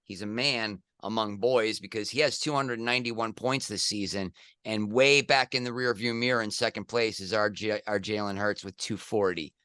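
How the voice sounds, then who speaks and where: A middle-aged man co-hosting a casual sports podcast, jokey and animated, with loud excited outbursts. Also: on the low side, moderate pace, clear, resonant tone, no room sound. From United States. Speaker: podcast co-host.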